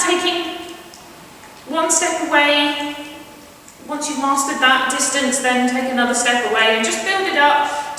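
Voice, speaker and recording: A woman's voice: recorded from a distance, slight background noise. Woman trainer explaining in an echoey room. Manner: calm explaining, bright high praise to the dog. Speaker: dog trainer. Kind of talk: instructional demonstration. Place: indoor room at home.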